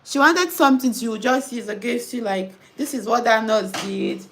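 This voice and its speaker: High-voiced Nigerian woman, chatty storyteller. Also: moderate pace, slight background noise. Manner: animated storytelling, mixing in pidgin. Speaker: nurse and host. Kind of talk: casual chat reading comments.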